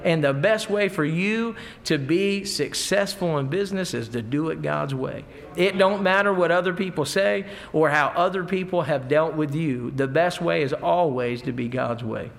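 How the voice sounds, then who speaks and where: A man's voice: on the high side, normal speed, vocal fry, few pauses. A middle-aged man preaching a folksy sermon, mixing scripture with stories. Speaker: pastor.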